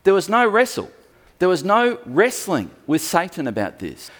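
A male pastor preaching a sermon, telling stories with animated emphasis. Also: high voice, moderate pace.

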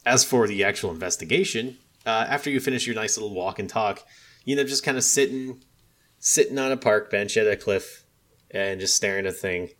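A man's voice: lowish voice, a little fast, a bit bright. A man in casual chat, retelling a video game's story in a rambling way, full of fillers and quoted lines. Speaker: podcast co-host discussing a video game.

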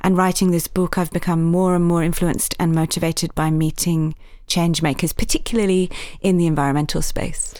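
A woman author with a somewhat low voice speaks in a conversational interview. She is earnest and lively and tosses in self-mocking asides. The recording is close and dry, with no room sound. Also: normal speed, few pauses, dry recording. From Yorkshire, England. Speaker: author and journalist, interview guest.

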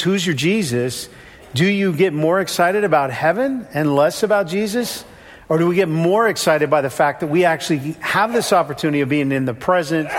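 High-voiced man preaching in a reverberant hall. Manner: conversational, acts out quoted voices. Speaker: pastor. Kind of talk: sermon.

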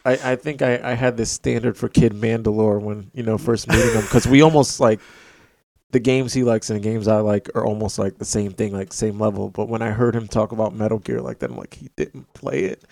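Low-voiced man, dry close sound. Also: fairly even intonation, fairly quick, vocal fry, a little mellow, dry recording. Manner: earnest, restarts sentences. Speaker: podcast co-host. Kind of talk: casual gaming chat.

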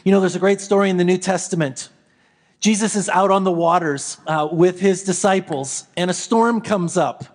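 A man giving a Christmas Eve sermon as a pastor, telling a story with repeated phrases that build and then fall soft. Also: high voice, normal speed.

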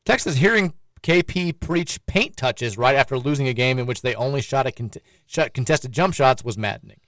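A man's voice: mid-range voice, expressive, normal speed, a bit bright, no echo. A man hosting a sports radio show in casual chat, with a sarcastic, dry joking manner.

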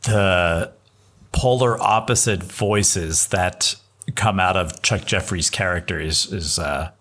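A man co-hosting a podcast, talking through his points in a measured, agreeable way and often repeating words as he finds them. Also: sits low, fairly bright tone. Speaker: podcast co-host. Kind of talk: casual film chat.

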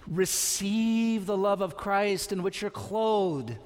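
A man's voice: sits high, takes it slowly, in a large hall. A man preaching a sermon as pastor, exhorting his congregation with repeated calls to trust and obey. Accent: American. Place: church sanctuary.

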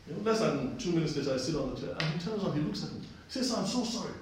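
A man's voice: on the high side, lively intonation, very fast, a little mellow, slight background noise. A man preaches a conversational sermon and drives his points home by repeating key phrases. He is picked up from a distance in a very echoey hall, with faint room ambience underneath. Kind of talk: sermon with personal story.

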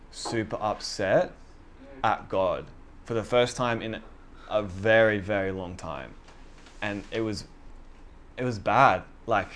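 A man's voice: medium pitch, a little hiss or hum. A young man giving a sermon as a casual story, self-deprecating and chatty, with many fillers and quoted asides to himself. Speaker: preacher.

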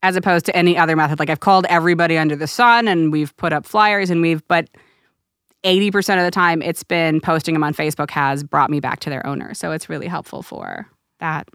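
A woman co-hosting a casual radio talk show in a studio, chatty and animated as she tells stories. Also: deep voice, fast, clean tone, no echo. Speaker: radio co-host and rescue director. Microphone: studio microphone.

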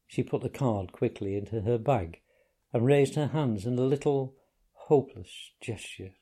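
A man calmly narrating a story in a measured, unhurried way. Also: mid-range voice, husky. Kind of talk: audiobook narration.

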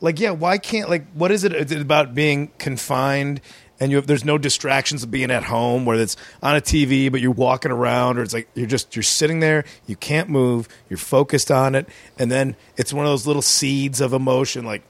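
A man's voice: mid-range voice, normal speed, no echo. Male comic guest, wry and riffing, close dry podcast mic. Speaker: stand-up comedian guest. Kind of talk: casual chat.

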